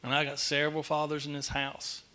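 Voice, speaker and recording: A middle-aged man preaches in a church, his voice bright and sitting a little high. He tells the story in an animated way and pokes fun at himself as he goes. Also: a little fast. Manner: animated storytelling, self-deprecating. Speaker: lay speaker giving a church message. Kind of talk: sermon. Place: church sanctuary.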